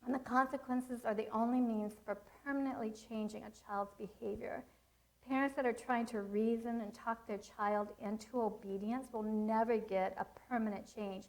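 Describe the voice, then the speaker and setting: A woman's voice: fairly high pitch, fairly even intonation, normal speed, low-quality recording. A middle-aged woman giving a parenting seminar, telling stories and teaching in an earnest way. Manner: earnest, storytelling with acted quotes. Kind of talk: seminar talk with personal stories.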